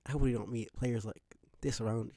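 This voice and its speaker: A man's voice: medium pitch, fairly even intonation, fairly quick, vocal fry, mellow, close to an everyday voice. A man voicing a sassy young woman with a weak put-on French accent in a game dub. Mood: brisk.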